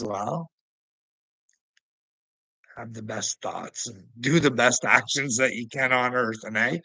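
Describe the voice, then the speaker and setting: Guy ranting at somebody online, gravelly bright voice, mocking laughs, goes loud then mutters, dry close mic. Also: moderate pace, no echo, low-quality recording. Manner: taunting, preachy, laughing mockingly, swearing; swings between loud outbursts and low mutters. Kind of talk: ranting monologue to a rival streamer.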